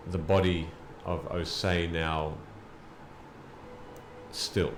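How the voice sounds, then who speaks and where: A man running a tabletop game as game master, narrating calmly and slowly. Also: deep voice. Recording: echoey room with faint noise.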